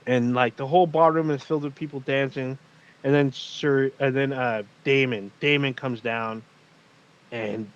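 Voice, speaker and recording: A man recapping a TV episode in casual podcast chat, swearing often and acting out the characters' lines. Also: mid-range voice. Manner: animated, profane storytelling with acted quotes. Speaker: podcast co-host. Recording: muffled lo-fi audio.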